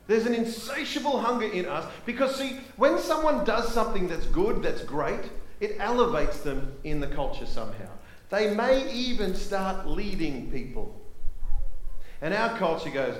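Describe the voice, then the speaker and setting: Impassioned preacher in an echoey church. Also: male voice, high voice, very animated, normal speed, a little hiss or hum. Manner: impassioned, swings from emphatic to hushed; repeats rhetorical questions. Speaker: pastor. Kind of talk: sermon.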